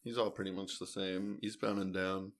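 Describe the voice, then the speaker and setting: A man's voice: low voice, little pitch movement, moderate pace. A young man co-hosting a podcast, chatting loosely about a movie, rambling and laughing. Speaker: podcast co-host. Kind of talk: casual movie chat.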